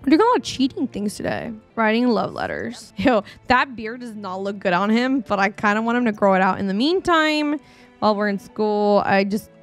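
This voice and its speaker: A woman's voice: mid-range voice, sing-song, moderate pace, faint music behind. A woman streamer chatting playfully through a life-simulation game, humming and giggling to herself on a desktop mic. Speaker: gaming streamer. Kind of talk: casual gameplay commentary. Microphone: desktop dynamic mic.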